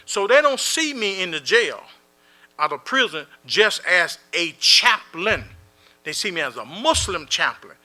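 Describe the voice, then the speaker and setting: A man's voice: sits high, big pitch swings, measured pace, sharp tone. A man speaking as a Muslim prison chaplain, telling plainspoken stories to a gathering and repeating key phrases for emphasis. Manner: plainspoken storytelling, acting out dialogue in scenes. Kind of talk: motivational talk to a community gathering.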